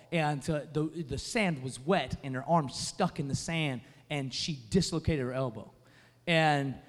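High-voiced preacher in a reverberant hall. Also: male voice. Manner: storytelling, building to loud emphatic preaching. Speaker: pastor. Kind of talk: sermon. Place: church sanctuary. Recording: long reverb of a large hall.

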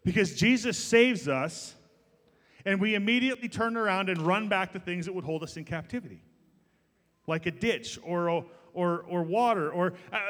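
A middle-aged man preaching a sermon as pastor, jokey and lively, talking straight to the congregation. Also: sits high. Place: church. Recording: long church hall reverb.

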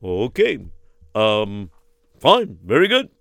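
A man telling a story and acting out the dialogue in an animated, hesitant way with many fillers. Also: lowish voice, takes it slowly, gravelly, dry recording, clean studio sound.

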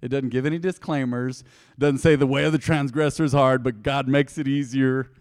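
This pastor's mid-range voice stays steady and smooth as he teaches briskly from scripture in a relaxed devotional sermon, a long reverb tail trailing his words. Speaking straight to his congregation, he alternates between emphatic points and gentle, reflective passages.

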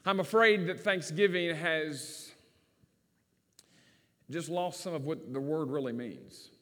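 A man's voice: mid-range voice, a bit bright. A man with a rural Virginia accent, preaching a sermon in a folksy, storytelling way. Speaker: pastor. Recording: long hall reverb.

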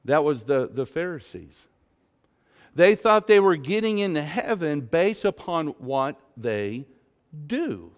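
A man preaching a sermon as pastor, slow and emphatic, asking the congregation rhetorical questions. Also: sits high, sing-song, in a large hall. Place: church sanctuary.

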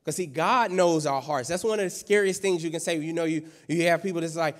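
A man's voice: high-pitched, a little fast, few pauses. A male pastor preaching a sermon in a conversational, playful way, with lots of rhetorical questions. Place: church sanctuary. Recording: long church hall reverb.

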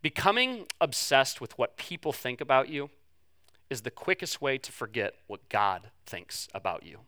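A man, a pastor, preaching a sermon and telling a personal story with lively ups and downs, softening for the tender parts. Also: moderate pace, no room sound, clean studio sound. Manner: animated storytelling, pitch rising when excited, softening for tender moments. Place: church sanctuary.

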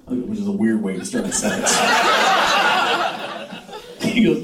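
A Mexican American man doing stand-up as host at a pub, loud and crowd-working, swearing and laughing often. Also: lowish voice, lively intonation, moderate pace, creaky, pauses often. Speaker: stand-up comedian hosting. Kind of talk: stand-up comedy. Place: pub stage with live crowd. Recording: roomy pub, mic heard from a distance, crowd noise.

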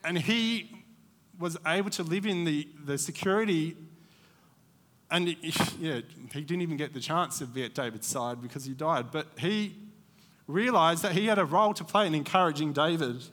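Bright-voiced male preacher in echoing hall. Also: on the high side, normal speed. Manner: conversational, digressive, many fillers. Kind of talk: church sermon.

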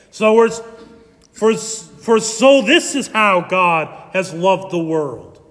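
A man preaching a sermon as pastor, animated and emphatic. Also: sits high, slow pace, in a large hall.

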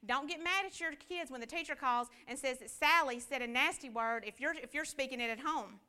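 A woman's voice: sits high, fairly quick, sharp tone, clean tone. A woman teaching a church Bible class, preaching conversationally with many rhetorical questions.

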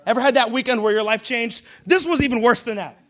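A man with an unusually high voice preaches a sermon, retelling a story in loose, slangy everyday talk. He narrates with a relaxed, conversational manner. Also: fast talker. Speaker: pastor.

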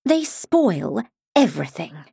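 Miriam, a brisk severe lady, read by a woman. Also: mid-range voice, big pitch swings, dark tone, no echo, clean studio sound, full character voice. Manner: crisp and severe, a bit absent-minded. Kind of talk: audiobook character voice.

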